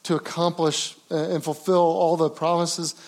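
Male pastor, high voice, chatty sermon delivery with restarts and emphatic peaks. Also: level tone, normal speed. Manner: conversational, frequent restarts, rising to emphatic cries.

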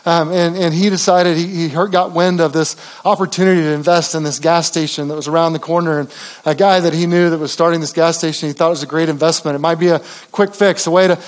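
A pastor preaching a sermon in an earnest, conversational way, with frequent restarts. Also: male voice, on the high side, fairly even intonation, fast talker.

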